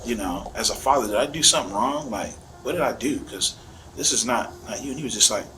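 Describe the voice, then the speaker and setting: A man's voice: medium pitch, fast, bright, forceful tone, a little hiss or hum, low-quality recording. Shaken father in a police interview. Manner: emotional, rambling retelling.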